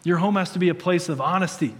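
A man's voice: high voice, fast, long reverb tail. A man in his thirties preaching a sermon in a conversational way, with humorous stories. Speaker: pastor.

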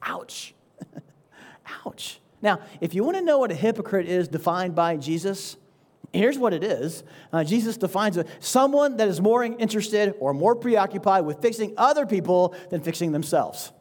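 Animated yet a bit mellow, a male pastor with a strikingly high voice delivers an easygoing sermon. Small chuckles come between his points, and he often asks his listeners a quick "right?"

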